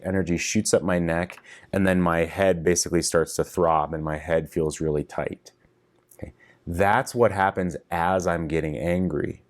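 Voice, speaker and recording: A middle-aged man coaching husbands in a frank, casual video lesson, swearing freely as he explains. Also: sits low. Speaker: relationship coach.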